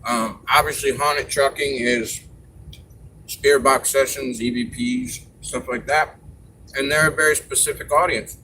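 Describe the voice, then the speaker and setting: A man with a medium-pitched voice talks casually on his live stream. He rambles a bit and pauses with fillers as he gives advice to viewers. Faint background noise sits under the voice. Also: bright, forceful tone, poor audio.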